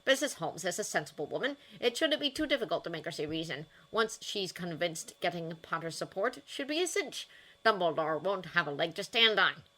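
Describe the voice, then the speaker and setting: A man's voice: high-pitched, big pitch swings, fairly quick, pushed and bright, heavily acted, poor audio. A woman voicing a smug, scheming male minister of magic in a fanfiction audiobook.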